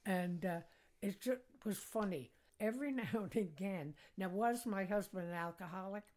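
A woman's voice: medium pitch, moderate pace, darkish tone. An older woman from the United States, a podcast guest, telling casual stories in a chatty way and laughing at her own anecdotes. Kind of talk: casual storytelling.

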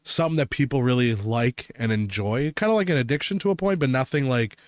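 A man's voice: mid-range voice, lively intonation, brisk, dry recording, clean studio sound. A man with a Wisconsin accent, co-hosting a casual podcast chat, joking, laughing often and using lots of fillers. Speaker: podcast co-host.

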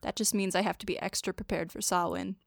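A woman's voice: on the low side, sing-song, quick pace, no echo, studio quality. A woman co-hosting a podcast in casual chat, bubbly and talkative, swearing casually. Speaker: podcast co-host.

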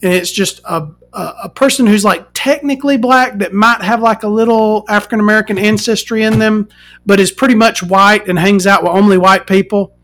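A woman hosting a podcast, ranting casually and swearing, swinging from loud outbursts to muttering. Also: medium pitch, fairly even intonation, brisk. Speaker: podcast host.

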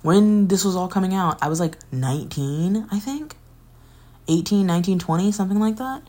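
A woman's voice: fairly low pitch, normal speed, mellow. A woman in her twenties hosting a podcast, telling a candid, rambling personal story into a phone with sighs, laughs and curses. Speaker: podcast host.

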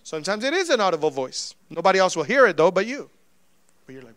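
A man preaching with a high, bright voice, telling stories and voicing each person in them with big swings in loudness. The sound is close and dry, with almost no room around it. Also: quick pace, no echo. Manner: animated storytelling, acting out quoted dialogue. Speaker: pastor. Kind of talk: sermon.

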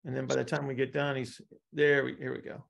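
Gravelly man teaching with analogies. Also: medium pitch, flat delivery, a little fast, dull audio. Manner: explains with analogies, keeps checking in with "right?". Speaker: instructor. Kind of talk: teaching a live class.

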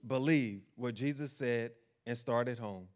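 A man's voice: mid-range voice, slow. A man preaching a sermon, asking the congregation questions and acting out the figures of the Bible story in quotes.

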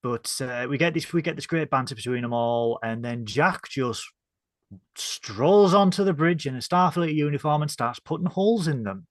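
A man's voice: on the high side, expressive, normal speed, dry recording. Chatty northern English man, dry close sound. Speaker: podcast co-host. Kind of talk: casual review chat.

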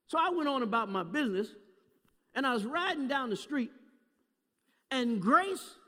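High-voiced man preaching in a hall. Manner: folksy, animated, addresses audience by name. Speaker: guest preacher. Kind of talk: sermon storytelling. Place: large hall with live audience. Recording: distant echoey hall recording.

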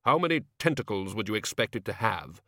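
Fussy nervous wizard, read by a man, hesitant, lively pitch, storybook. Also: fairly quick, dry recording, studio quality. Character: nervous, pedantic male wizard.

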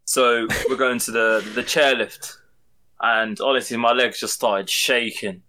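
A man's voice: mid-range voice, fairly even intonation, a little slow, sharp tone. A young man, a podcast co-host animatedly telling a story among friends, swearing and laughing as he goes.

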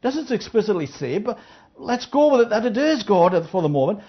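A Bible teacher leads an interactive study and keeps asking listeners to follow along. The delivery rises and falls with animated pitch as the speaker acts out the parable's characters. The recording sounds dull and lo-fi. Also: moderate pace. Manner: checks in with listeners, asking "Yeah?".

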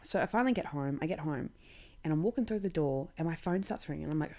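A woman's voice: sits low, lively intonation, quick pace, dark tone. A young Australian woman hosting a podcast, telling a night-out story in blunt, sweary casual chat with laughing asides. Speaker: podcast host.

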